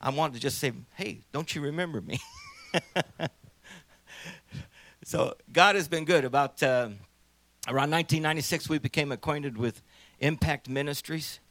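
At a church gathering, a St. Louis minister in his sixties gives a wandering, chatty personal testimony full of false starts. He speaks at a moderate pace with long pauses, in a fairly high, fairly bright voice, and the recording has no echo.

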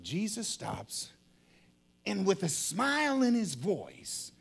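A middle-aged man preaching a sermon, telling a story dramatically and acting out the voices and shouts of its people. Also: high-pitched, wildly swooping pitch, slow pace, creaky, slightly rough.

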